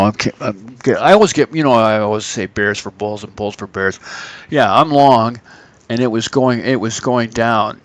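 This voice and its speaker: A man hosting a live trading stream talks casually into a close mic in a dry room. He has a mid-range voice and tells his stories animatedly, jumping up in pitch when he acts out the people he quotes. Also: a bit bright, dry recording.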